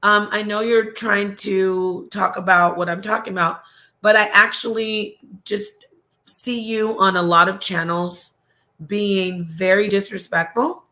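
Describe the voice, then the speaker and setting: Bright-voiced woman chatting on a livestream. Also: medium pitch, fairly even intonation, a little slow. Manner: chatty, affectionate, trailing off and restarting. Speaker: livestream host. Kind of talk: casual livestream chat reading comments.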